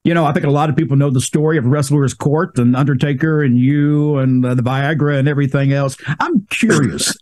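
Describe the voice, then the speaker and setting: Easygoing male podcast host, slightly high. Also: a little fast, few pauses, a little mellow. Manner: easygoing, asks questions and reads listener email. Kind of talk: casual interview chat.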